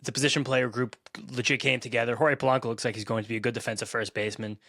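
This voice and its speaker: A man co-hosts a sports podcast, talking quickly and eagerly with a bright, forward tone. His chatty delivery is full of fillers. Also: medium pitch, level tone, no echo, studio quality. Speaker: podcast co-host. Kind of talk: casual sports chat.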